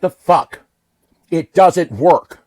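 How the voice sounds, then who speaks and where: A man delivering a blunt, profane political rant to camera, swinging between low muttering and outbursts. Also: lively intonation, very slow, mellow, no room sound. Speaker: vlogger.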